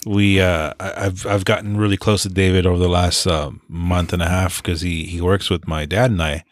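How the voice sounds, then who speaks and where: A male host with a very deep voice talks in a relaxed, casual way, filling in with short responses while his guest talks. The recording is dry and close. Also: moderate pace, no room sound. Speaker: podcast host. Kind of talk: casual interview chat.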